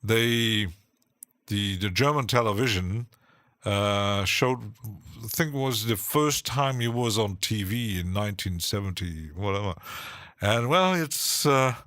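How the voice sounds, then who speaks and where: A man with a lowish voice rambles through a live-stream chat at an unhurried, dragging pace, stopping and restarting his sentences and laughing between thoughts. The sound is close and dry, with no room around it. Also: fairly bright tone, no room sound. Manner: rambling, halting, with many restarts and frequent laughs. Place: home studio.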